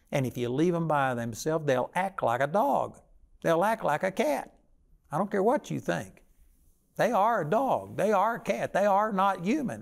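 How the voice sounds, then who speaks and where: Older man, preacher, gravelly voice, fairly high, folksy sermon talk.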